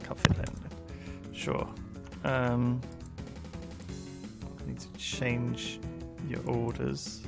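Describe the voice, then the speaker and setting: A man hosting a casual multiplayer game session, joking and bantering quickly with friends. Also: mid-range voice, big pitch swings, creaky, over loud music. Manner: jokey, quick banter with swearing. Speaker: host. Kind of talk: casual multiplayer gaming chat.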